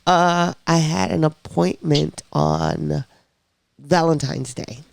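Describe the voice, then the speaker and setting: A woman on a podcast telling her own story in a casual, lively way, acting out the voices of people she quotes. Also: low-pitched, slow, gravelly, no echo.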